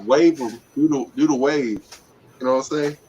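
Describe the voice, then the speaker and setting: A man's voice: mid-range voice, normal speed, darkish tone, highs cut off, slight background noise. A man cohosting a live talk show in casual, joking banter, loose and profane.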